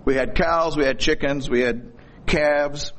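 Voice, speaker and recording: A man's voice: fairly high pitch, fairly even intonation, unhurried, fairly bright tone. A middle-aged man preaching a sermon in a folksy, storytelling way, with corny jokes.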